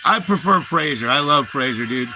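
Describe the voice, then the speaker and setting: A man's voice: on the high side, lively intonation, moderate pace, music in the background. A man hosting a livestream, chatting casually in a rambling, profane, laid-back way. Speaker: livestream host.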